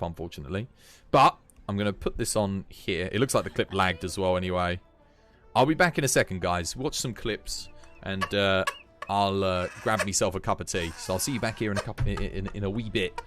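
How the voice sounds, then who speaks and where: A young man chatting and laughing while live streaming a video game. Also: lowish voice. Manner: animated, chatty, laughs often. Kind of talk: live gameplay streaming chat.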